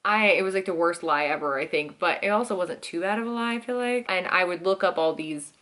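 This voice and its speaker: A woman's voice: fairly low pitch, fairly quick, a bit bright. A woman in her thirties chatting casually as a vlogger, answering Q&A questions and acting out quotes along the way. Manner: chatty, many "like"s, acts out quotes. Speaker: vlogger host. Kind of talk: casual Q&A chat.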